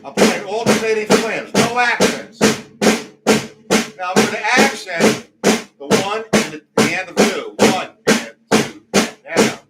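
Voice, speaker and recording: A man's voice: high-pitched, a little slow, loud music behind the voice. A man teaching a drum lesson, talking between demonstrations and counting beats aloud. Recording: echoey room, mic far off, loud drums.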